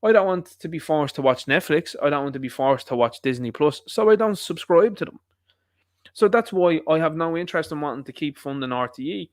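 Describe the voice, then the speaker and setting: Irish male commentator, blunt and scornful, slightly high voice, dry close sound. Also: animated, brisk, dry recording. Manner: blunt, combative and scornful, repeating points for emphasis. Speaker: online commentator. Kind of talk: ranting video commentary.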